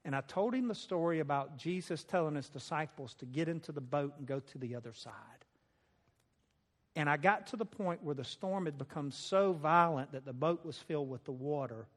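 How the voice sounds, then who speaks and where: A man's voice: on the high side, normal speed. A man sharing a personal testimony in a folksy, conversational storytelling style, with laughter. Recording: long reverb of a large hall.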